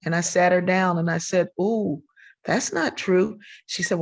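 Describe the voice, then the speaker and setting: A woman's voice: fairly low pitch, unhurried, creaky. An older woman, a sociologist guest on a podcast, telling stories with energy and acting out the voices she quotes. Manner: animated, acts out quoted voices. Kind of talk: storytelling in a podcast interview.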